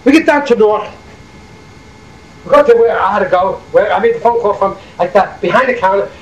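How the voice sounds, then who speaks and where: Elderly high-voiced New man storytelling. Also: a little fast, roomy sound, lo-fi sound. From Hackensack, New Jersey. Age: older. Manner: animated, acts out quoted dialogue. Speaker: war veteran interviewee. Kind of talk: oral history storytelling.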